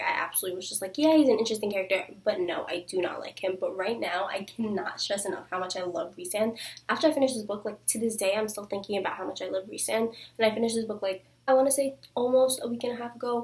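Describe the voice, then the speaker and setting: A young woman reviewing books in a casual vlog, gushing and saying "like" constantly. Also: medium pitch. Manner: gushing, fills speech with "like". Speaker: book reviewer. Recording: voice a bit far from the mic.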